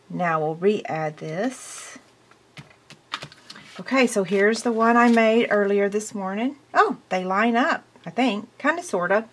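American woman, mid-pitched, chatty craft demonstrator, dish clatter behind. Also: takes it slowly, pauses often, a little hiss or hum. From United States. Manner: chatty and excitable, talks while working. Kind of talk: hands-on crafting tutorial.

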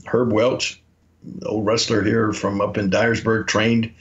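A man's voice: on the low side, level tone, slow pace. A man, a podcast co-host telling rambling anecdotes and acting out the quotes in them. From Memphis, Tennessee. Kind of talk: casual storytelling. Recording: dull lo-fi audio.

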